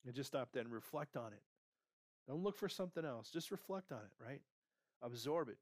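A man's voice: medium pitch, expressive, a little fast, no echo, clean studio sound. A man hosting a motivational career podcast, coaching the listener and tagging lines with "right?" and "okay?". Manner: pep-talk, repeats "right?" and "okay?", guides listener.

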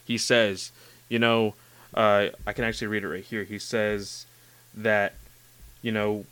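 A man hosting a casual chat about anime, gushing and excitable, with lots of "like" and "you know". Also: lowish voice, measured pace, pauses often, smooth, dry recording. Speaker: podcast host discussing anime.

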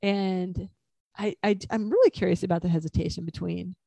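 Woman co-host with a gravelly, fry-heavy voice and a dry close sound; easy, upbeat chat. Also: on the low side, fairly even intonation, normal speed, mellow, no echo. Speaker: podcast co-host, author. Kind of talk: casual chat.

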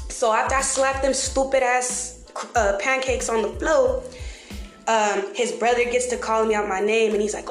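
A woman candidly telling her own story to the camera, blunt and heavily profane, with dark humor. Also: fairly high pitch, steady tone, moderate pace. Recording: echoey room with faint music.

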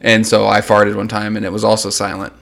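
A man in casual podcast chat, tossing in quick wisecracks and chuckling as he tells his own story. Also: fairly low pitch, monotone, vocal fry, a bit bright.

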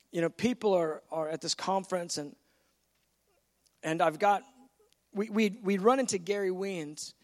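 A man preaching a sermon, telling a story in an animated way and acting out the voices of the people in it. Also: on the high side, big-room sound. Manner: animated, acts out voices in stories.

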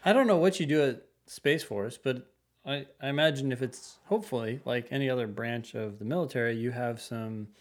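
A man co-hosting a casual podcast, reading listener emails aloud and chatting in a dry, deadpan manner. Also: mid-range voice. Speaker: podcast co-host.

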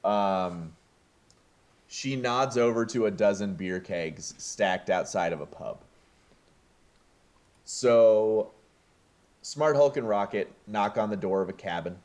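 A man's voice: lowish voice, expressive, slow, pauses often, a little mellow. A man casually recapping a film to friends, reading the script with hesitant fillers.

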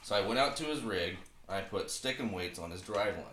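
A man's voice: on the low side, animated, fairly quick, fairly bright tone, reverberant, a little hiss or hum. A man in his twenties telling a crude story about his first job in casual chat. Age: 20s. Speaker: podcast co-host.

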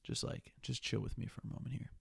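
A young man talks fast on his own podcast, with no room sound in the recording. His solo monologue is casual and restless, heavy on swearing, with a bit of a sniffle.

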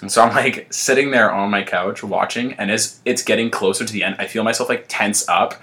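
Deep, bright-voiced young man telling stories. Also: steady tone, a little fast. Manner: laid-back storyteller, laughs often. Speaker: podcast host. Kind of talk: casual chat.

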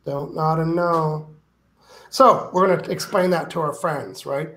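A man's voice: fairly high pitch, steady tone, a little slow, a bit bright. A man speaking as a guest author in an interview, emphatic and playful, acting out quoted complaints. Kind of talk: animated interview talk.

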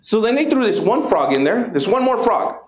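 A man giving an energetic, profane motivational talk to a live audience, calling out to the crowd. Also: sits high, a little fast. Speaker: motivational speaker. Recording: echoey room with background noise.

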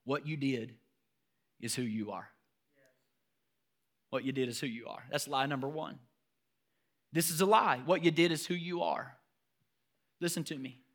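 A man preaching a sermon as pastor, emphatic and asking the congregation rhetorical questions. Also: medium pitch.

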